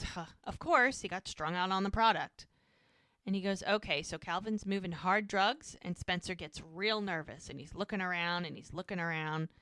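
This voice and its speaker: Podcast co-host, female, lively recap storyteller, bright tone, dry close sound. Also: lowish voice, no room sound. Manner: animated retelling, acting out characters' lines. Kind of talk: casual chat, recapping a TV episode.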